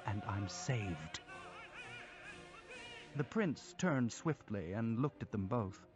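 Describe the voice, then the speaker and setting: A man's voice: medium pitch, lo-fi sound. Man narrating a classic novel. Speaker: audiobook narrator.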